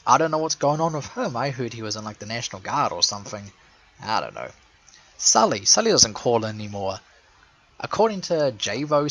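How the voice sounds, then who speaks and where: A man's voice: medium pitch, fairly bright tone, slightly rough, poor audio. A man giving a rambling, sarcastic casual commentary, laughing at his own jokes. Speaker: show fan and caller.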